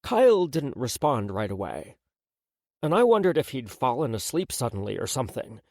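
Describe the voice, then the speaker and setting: A man narrating a first-person romance audiobook in an expressive, intimate way. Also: mid-range voice, moderate pace, no room sound, clean studio sound.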